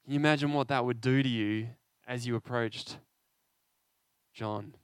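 A man preaching an interactive sermon, animated and conversational, often asking his listeners questions. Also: medium pitch, normal speed, clean tone, no echo.

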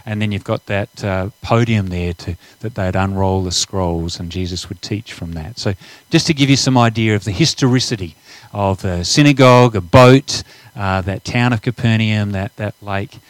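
A man's voice: lowish voice, moderate pace, no room sound, rough recording. A middle-aged man preaching a sermon, chatting casually over slides and then reading scripture aloud with rising emphasis. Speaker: pastor.

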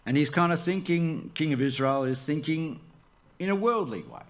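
A man, the church's pastor, preaching a sermon, swooping up high for emphasis and dropping to a near hush. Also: lively intonation, normal speed.

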